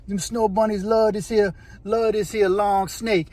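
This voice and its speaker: A man's voice: sits high, little pitch movement, a little slow, a little mellow, no room sound. Man doing a teasing, slangy male convict, Jim. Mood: boasting. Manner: drawling street slang, repeating words. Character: laid-back male convict, blunt and teasing.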